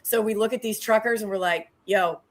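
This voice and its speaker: A woman in her thirties, a guest telling lively stories in a slangy, animated way with loud excited peaks. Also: mid-range voice, brisk. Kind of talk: casual storytelling on a show.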